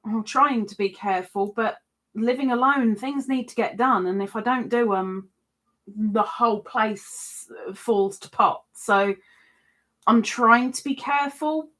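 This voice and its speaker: A woman's voice: on the high side, unhurried, a bit bright. A woman, hosting a casual live stream from home, chatting while she crochets and reading viewer comments aloud in playful voices. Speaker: live-stream host greeting chat.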